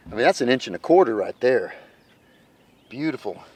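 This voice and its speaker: A man hosting a hunting show, giving excited outdoor commentary in the field, at times dropping to a hushed voice. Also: mid-range voice, a little slow, breathy edge.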